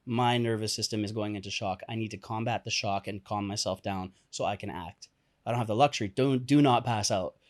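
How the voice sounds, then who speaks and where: A young adult man telling a dramatic personal story in a casual interview, animated, laughing often and acting out what people said. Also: on the low side, brisk. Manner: animated, laughs often, acts out quoted lines. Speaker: podcast guest, entrepreneur and coach.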